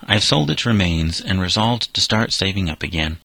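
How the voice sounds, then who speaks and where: A man voicing an elderly, humble male florist who speaks gently and forgivingly. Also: low voice, animated, normal speed, vocal fry, no room sound, exaggerated voice, low-quality recording. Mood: gentle. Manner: gentle, earnest storytelling delivery.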